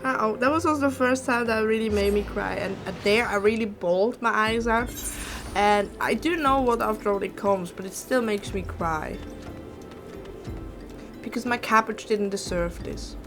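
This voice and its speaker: A woman's voice: mid-range voice, normal speed, over music. A woman streamer giving casual gameplay commentary, speaking emotionally and often repeating herself.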